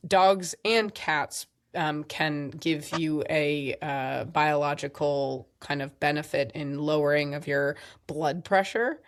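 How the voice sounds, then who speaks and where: A woman co-hosting a podcast in casual chat, chatty and quick to laugh. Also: low-pitched, steady tone. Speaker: podcast co-host.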